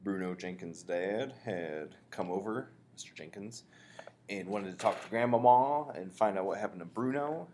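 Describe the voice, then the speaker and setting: A man reading a children's book aloud, expressively, pausing to explain. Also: fairly low pitch, a little mellow, slight background noise. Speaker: reader.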